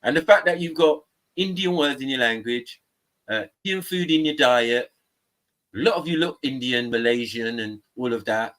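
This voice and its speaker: A man's voice: mid-range voice, moderate pace, fairly bright tone. A man, hosting a stream and teasing a co-host in casual banter. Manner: teasing, slangy, breaks into voices and song. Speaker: livestream host.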